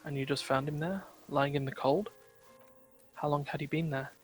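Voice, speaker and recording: A shaken middle-aged widow asks halting, stunned questions about her husband's death, as a man puts her on during a game session. The voice sits fairly high, and faint music plays behind it. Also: steady tone, lightly acted. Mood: grieving.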